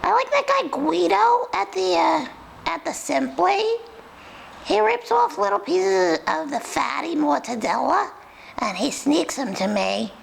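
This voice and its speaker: A woman's voice: animated, measured pace, slight background noise, heavily acted, low-quality recording. A woman voicing a sassy, food-loving female pet dog with a New York accent, rambling and confiding. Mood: chatty. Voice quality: very high, gravelly. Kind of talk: comic pet voice role-play.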